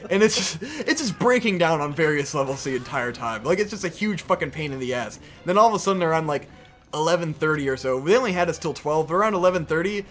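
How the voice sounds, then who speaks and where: A man's voice: fairly high pitch, fairly bright tone. A young man co-hosting a podcast, telling a story in a casual, exasperated rant with heavy swearing. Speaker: podcast co-host.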